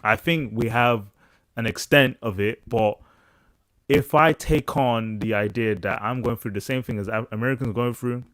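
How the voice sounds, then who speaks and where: A man from the UK talking casually on a podcast panel, animated and halting with restarts. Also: medium pitch, no echo. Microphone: headset over video call.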